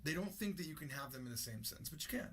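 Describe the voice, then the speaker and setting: A man's voice: a little high, expressive, racing, fairly bright tone, breathy edge. A man teaching a casual online lesson with energy, repeating example sentences aloud. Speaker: language teacher.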